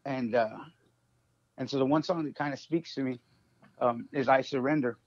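A man sharing a personal struggle in a halting, emotional way, full of fillers, on a phone. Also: mid-range voice, no room sound. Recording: dull dry phone audio.

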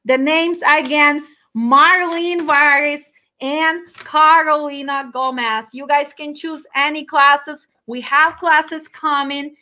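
A woman's voice: high-pitched, fairly even intonation, slow, few pauses, bright, forceful tone. A woman who hosts a trucking dispatch training channel, reading a viewer's letter aloud and talking to her students with heartfelt encouragement. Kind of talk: casual livestream talk to students.

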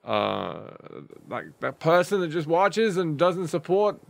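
A let's-play man talks his way through a horror game in a voice pitched a little high, leaping up and down as he gets startled. He speaks in an unhurried, drawn-out way between yelps and curses, with faint music underneath. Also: creaky, no room sound. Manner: excitable, yelps and swears when scared.

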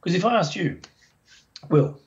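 A man, a dog behaviour expert, explaining as a podcast guest in a chatty, animated way and acting out the voices of dog owners. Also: high voice, unhurried. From Australia. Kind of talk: casual podcast interview. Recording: dull lo-fi sound.

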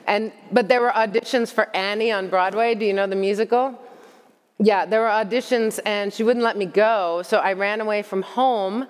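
A woman's voice: medium pitch, fairly even intonation, moderate pace. A middle-aged woman from the United States giving a candid, self-mocking conference talk and answering audience questions. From United States (Long Island). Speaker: conference speaker. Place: conference hall. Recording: long hall reverb.

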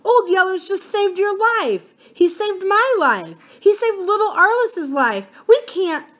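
A woman voicing a desperate frontier teenage boy in a storybook reading, pleading with his voice rising high and loud. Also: expressive, normal speed. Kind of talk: storybook read-aloud.

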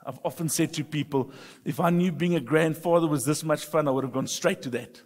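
A middle-aged pastor preaching a sermon, emphatic and humorous, moving between soft confiding talk and loud bursts. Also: male voice, fairly high pitch, a little fast, a little hiss or hum. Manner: humorous storytelling. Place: church sanctuary. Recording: long reverb of a church hall.

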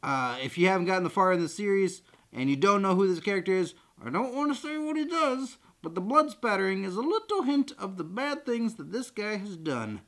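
A goofy, excitable man hosting an unboxing vlog with jokey chatter. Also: high-pitched, a little fast, hardly any pauses.

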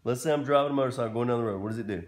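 A man's voice: mid-range voice, racing. A man talking to his pet dog in a casual home video, with playful mock-scolding and back-and-forth as if the dog answers him. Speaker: dog owner.

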